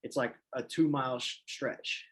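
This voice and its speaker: A man who is an assistant coach, a guest on a podcast, talking in a relaxed, rambling, self-deprecating way. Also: mid-range voice, moderate pace, low-quality recording. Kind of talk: casual chat.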